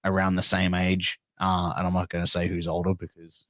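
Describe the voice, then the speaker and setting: A man in his forties with an Australian accent, telling stories as a podcast guest in casual chat and acting out quotes loudly. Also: low voice, a little fast, no echo, studio quality. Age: 40s. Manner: animated storyteller, acts out quotes loudly. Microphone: video call.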